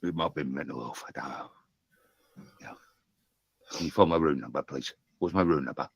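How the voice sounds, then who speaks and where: A groggy man with a husky voice on a phone call, confused, rambling, repeating himself and swearing. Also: extremely low pitch, normal speed, dry recording.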